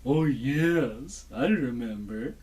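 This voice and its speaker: A man voicing a mild, drowsy dog puppet with a slow, laid-back drawl in a ventriloquist act. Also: medium pitch, lively intonation, darkish tone, recorded from a distance.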